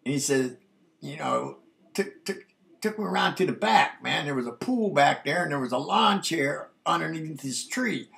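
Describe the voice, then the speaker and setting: A man's voice: on the high side, expressive, moderate pace, gravelly, a bit bright. A man in his sixties recounting a youthful memory in a laid-back, casual way, often saying "man". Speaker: storyteller recalling his youth. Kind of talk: casual spoken memoir.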